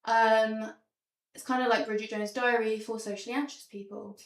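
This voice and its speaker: Young woman doing stand-up in a small theatre, wry and self-mocking, slightly high voice, mic a bit far off in a roomy space. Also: little pitch movement, normal speed. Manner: wry, self-deprecating, many ums. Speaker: stand-up comedian. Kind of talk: stand-up comedy show with slides. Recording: roomy sound from a distance.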